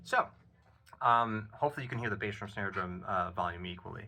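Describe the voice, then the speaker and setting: A man with a fairly low voice walks through a drum exercise, counting out beats and coaching in an easygoing, encouraging manner. A drum kit plays loudly behind him in the studio. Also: a little fast, loud music behind the voice. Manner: counts beats aloud, relaxed and encouraging with fillers. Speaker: drum teacher. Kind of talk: casual drum lesson explanation. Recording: loud drum playing behind the voice. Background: drum kit playing.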